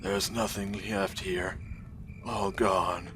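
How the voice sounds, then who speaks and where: A man voicing a despairing man who has lost his family, speaking low, slow and half-whispered. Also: fairly even intonation, fairly bright tone, a little hiss or hum.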